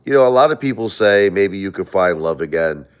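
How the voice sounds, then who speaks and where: Very deep-voiced man venting on a livestream. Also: expressive, fairly quick, clean tone. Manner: rambling, repetitive, confessional. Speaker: livestream host. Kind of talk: emotional livestream monologue.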